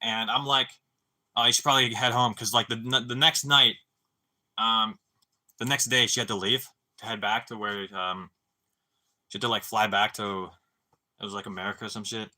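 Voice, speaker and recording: A man's voice: lowish voice, fairly even intonation, moderate pace, pauses often, pushed and bright. A young man telling a long story on a live stream, rambling and swearing, with stammering restarts and constant "dude" and "bro.".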